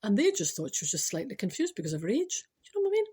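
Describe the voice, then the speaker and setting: A Scottish woman hosting a podcast, telling a comic story with spiritual advice in a chatty, animated way full of teasing asides. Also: medium pitch, very fast, slightly rough.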